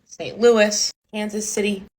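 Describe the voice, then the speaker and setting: A woman's voice: medium pitch, little pitch movement, a little slow, a little mellow, rough recording. A woman from Canada talking casually to camera, ticking through a list with lots of filler words. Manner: chatty, lists points with lots of "like" fillers. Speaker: content creator.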